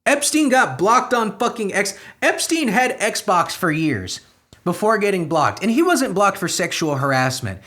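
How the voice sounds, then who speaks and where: A young comedy podcast host reads news stories aloud, then breaks off into profane, sarcastic, exasperated commentary, swinging between muttering and outbursts. His high voice is sing-song, unhurried, pushed, and bright.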